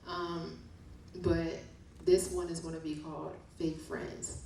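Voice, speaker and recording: Slow soft-spoken woman in an echoey room. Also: sits low, flat delivery. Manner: slow, soft, reflective, with fillers. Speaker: author reading her poetry. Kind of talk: poetry reading and casual chat. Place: event room at a book release show. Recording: very echoey room, distant mic, faint noise.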